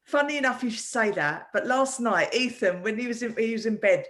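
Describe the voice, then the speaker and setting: A woman hosts a relaxed online chat and tells stories with easy laughter. Her voice sits a little high and moves up and down with a lot of life. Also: a little fast. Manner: chatty, storytelling, laughs easily. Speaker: host. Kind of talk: casual chat.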